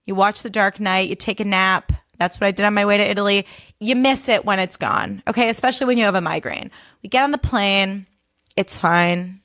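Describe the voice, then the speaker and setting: A woman's voice: no room sound, clean studio sound. A young American woman hosting a podcast, telling a story casually and acting out other people's lines with big jumps in her voice. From United States. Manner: animated, acts out voices with big pitch jumps, heavy use of "like". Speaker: podcast host.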